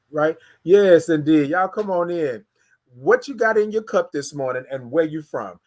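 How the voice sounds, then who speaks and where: A man from Houston hosting a casual morning livestream, greeting viewers and hyping up the chat. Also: fairly high pitch. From Houston, Texas. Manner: energetic, hypes the chat, drawn-out sung greetings. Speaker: livestream morning show host.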